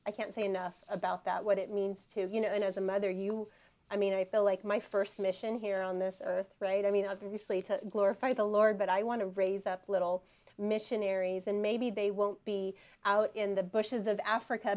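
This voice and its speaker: A woman's voice: mid-range voice, darkish tone. A woman co-hosting an interview, chatting in a heartfelt way and telling personal stories about her family. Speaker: guest co-host. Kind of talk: conversational interview.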